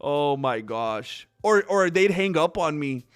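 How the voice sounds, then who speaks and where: A male host rambles through stories on a casual livestream, often breaking into laughter. His voice sits a bit high and swings widely as he talks. He stops now and then to read chat aloud. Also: slow, clean tone. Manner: animated storyteller who laughs often and reads chat. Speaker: channel host.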